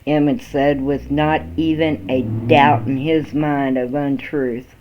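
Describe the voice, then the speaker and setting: A man reading a first-person story aloud in a slow, halting way, with small restarts, on a dull lo-fi recording. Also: mid-range voice, fairly even intonation, slight background noise. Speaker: amateur story reader.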